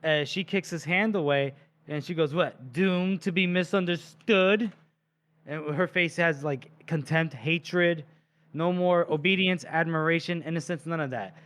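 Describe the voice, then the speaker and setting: A man with a fairly high voice co-hosts a relaxed book podcast. He retells the plot with lively, animated storytelling, slipping into voices for the quotes. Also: normal speed. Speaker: podcast co-host. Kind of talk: casual book discussion, retelling chapters.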